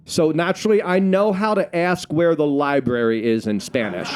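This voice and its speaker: A man from the United States jokes about himself on stage in a wry, deadpan way. His voice sits a little higher than most men's. He delivers his lines as a comedian sharing the bill. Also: normal speed. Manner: wry, deadpan self-mocking humor. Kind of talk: casual panel chat on stage.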